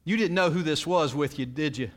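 A man's voice: on the high side, fairly quick. Guy preaching a sermon, reads a verse then unpacks it, keeps asking the crowd stuff. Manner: expository, reads scripture then explains it; asks the congregation rhetorical questions. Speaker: pastor.

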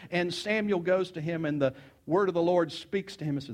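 A man's voice: high voice, a little fast. A man preaching a sermon, retelling a story with folksy asides and acting out the characters' voices. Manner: animated, acts out characters' voices.

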